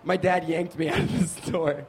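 A man's voice: a little high, expressive, normal speed, slightly rough. A man from Nevada telling a rambling, self-mocking stand-up story. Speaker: stand-up comedian.

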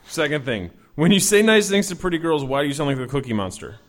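A man hosting a talk show, teasing his guest with rapid-fire questions. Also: a little high, animated. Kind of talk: teasing interview.

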